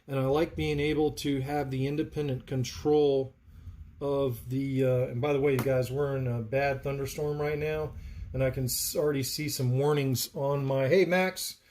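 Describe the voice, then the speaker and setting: A man's voice: mid-range voice, steady tone, moderate pace, darkish tone, slight background noise. A man hosting a live stream, chatting while he narrates soldering work and answers viewers. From North Carolina, US. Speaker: livestream host, saber builder. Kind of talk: live soldering tutorial chat.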